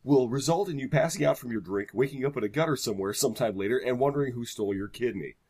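A man's voice: mid-range voice, fast talker, a little mellow, a little hiss or hum. A man reading an ad description aloud with sardonic, mocking asides. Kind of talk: casual comedic reading and chat.

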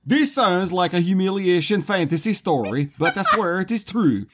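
High sing-song man doing a silly accent. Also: big pitch swings, normal speed, heavy background noise. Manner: playful, exaggerated sing-song delivery. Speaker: podcast co-host. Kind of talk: comic reading in a put-on accent.

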